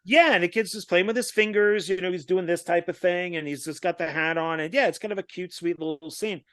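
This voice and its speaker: A man co-hosting a podcast, retelling movie scenes in a casual, animated way, quoting the characters' lines as he goes. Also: high-pitched, a little fast, no echo, studio quality. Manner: animated storyteller who retells scenes with quoted lines and small laughs. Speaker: podcast co-host. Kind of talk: casual film chat.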